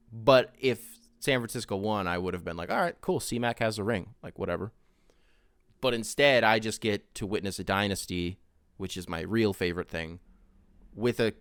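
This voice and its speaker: A young man hosting a casual solo podcast, rambling and swearing, with loud bursts and mumbled asides. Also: on the low side, no room sound, studio quality. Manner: rambling, swears often, mimics voices in quotes. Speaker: podcast host.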